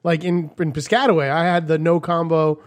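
A man's voice: a little high, flat delivery, brisk. A young man from New Jersey telling a story in a casual podcast chat, swearing freely and telling it with lots of animation.

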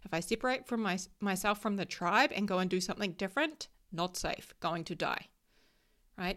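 A woman in her thirties giving a motivational talk about solo travel, emphatic and coaching, often checking in with "right?". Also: lowish voice.

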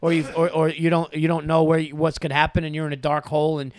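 A man's voice: on the high side, fast talker, no room sound, clean studio sound. A man hosting a podcast, chatting casually in a rambling, profane way and acting out quotes as he tells stories. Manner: profane, rambling, animated storytelling with acted-out quotes. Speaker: podcast host. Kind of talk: casual chat.

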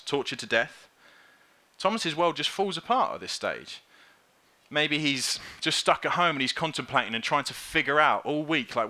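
A man preaching a conversational sermon, lively and informal, acting out little quoted voices as he goes. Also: mid-range voice.

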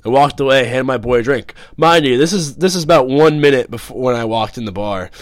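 A man's voice: medium pitch, a little fast, no room sound. A young man hosting a podcast, telling bar stories in a profane, boisterous way. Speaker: podcast host. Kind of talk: casual chat.

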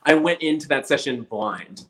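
A man's voice: fairly high pitch, moderate pace, background noise. A man telling a story casually, acting out the voices of the people in it. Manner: animated storyteller acting out quotes.

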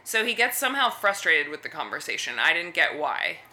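A woman co-hosting a podcast, recapping a TV episode in chatty, lively storytelling. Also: low voice, fairly quick. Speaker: podcast co-host. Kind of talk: casual recap chat.

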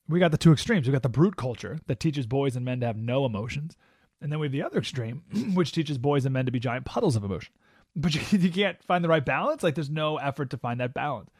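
A man's voice: mid-range voice, no echo, clean studio sound. A male radio talk show host delivering an emphatic, preachy opinion monologue. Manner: animated, emphatic, preachy with acted-out quotes.

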